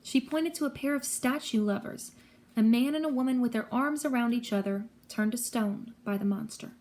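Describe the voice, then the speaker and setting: A woman narrates a story in the first person. Her voice sits a bit high and stays steady. She tells it with lively pacing. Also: normal speed. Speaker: audiobook reader.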